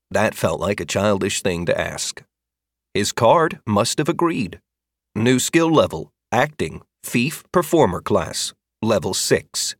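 A man narrating a fantasy audiobook with steady, expressive storytelling. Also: on the low side, dry recording, studio quality.

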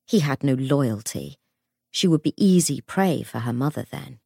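A woman reading an audiobook in measured, dramatic scripted narration. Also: extremely low pitch, lively intonation, creaky, darkish tone, breathy edge, dry recording, clean studio sound.

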